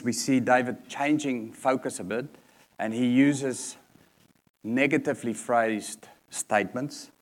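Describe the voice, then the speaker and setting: A man preaching a sermon in an earnest manner, repeating key points for emphasis. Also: medium pitch.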